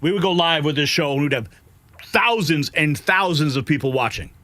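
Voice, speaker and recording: Guy hosting a live news stream, fired up and annoyed, bright voice swinging all over, dry close mic. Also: on the high side, lively intonation, moderate pace, no room sound. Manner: agitated, frustrated, swears, sighs often. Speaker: livestream news host.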